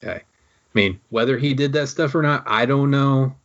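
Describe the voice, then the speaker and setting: A man asking interview questions in casual podcast chat. He is measured and hesitant, with frequent ums. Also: mid-range voice. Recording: dull, lo-fi recording.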